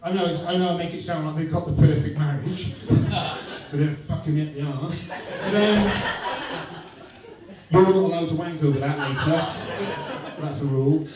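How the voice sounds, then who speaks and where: A man doing a stand-up routine at a comedy venue, telling stories with crude language and deadpan asides. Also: on the high side, normal speed, far from the mic, a crowd in the background. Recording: echoey room, voice from afar, noisy.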